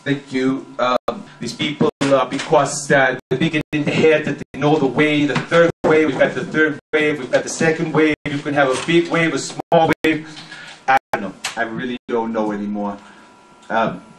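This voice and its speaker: Man playing a cranky talk radio host, halting and rambling, fillers and restarts, abrupt barked orders, echoey room, background noise. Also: medium pitch, lightly acted. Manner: abrupt outbursts barking orders. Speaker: comedy performer. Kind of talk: spoof talk radio monologue.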